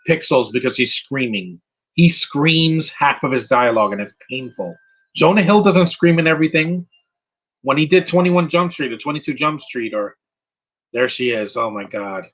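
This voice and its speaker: A man's voice: medium pitch, fairly bright tone, breathy edge, rough recording. A man giving casual live commentary while watching a movie, rambling and opinionated, with many fillers and restarts.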